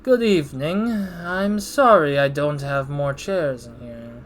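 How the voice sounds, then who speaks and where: Man reading as a slow, sneering company boss. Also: a little high, slight background noise. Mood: smug. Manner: slow, drawling, sneering delivery. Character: smug arrogant male security company owner.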